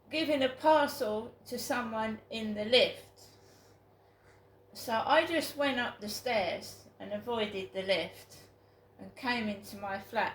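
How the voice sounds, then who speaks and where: A British woman talks slowly and deliberately in a rambling vlog, her slightly high voice rough with gravelly fry. She sounds aggrieved and repeats words for emphasis. The room is echoey, with a faint hum of ambient noise behind her. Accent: British English. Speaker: vlogger. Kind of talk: casual vlog monologue.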